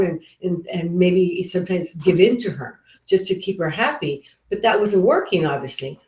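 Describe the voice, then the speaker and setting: A woman's voice: on the low side, lively intonation, fairly quick, hardly any pauses, a little mellow. Middle-aged woman, earnest parenting presenter. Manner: earnest, conversational, frequent restarts. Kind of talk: webinar talk with personal stories. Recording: roomy echo.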